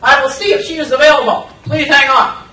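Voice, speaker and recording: A woman voicing a brisk young male Marine recruiting sergeant who talks in loud, clipped military formality. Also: sits high. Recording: roomy, distant from the mic.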